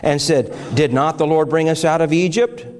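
A man's voice: on the high side, normal speed, a little mellow. A middle-aged male pastor preaching, reading scripture aloud and telling of his morning, with emotional, fervent swells.

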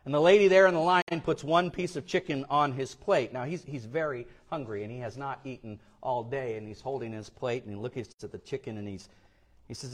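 A man preaching a sermon, swinging between hushed asides and loud emphatic peaks, acting out voices in his stories. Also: mid-range voice, brisk. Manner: dynamic preacher, swings from quiet to loud, acts out quotes. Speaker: pastor.

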